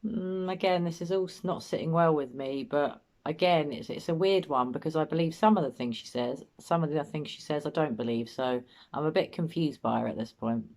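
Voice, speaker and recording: Low-voiced woman giving sceptical commentary. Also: brisk, hardly any pauses, a little mellow. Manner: doubtful, musing, often repeats herself. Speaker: host, body language commentator. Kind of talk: analytical commentary.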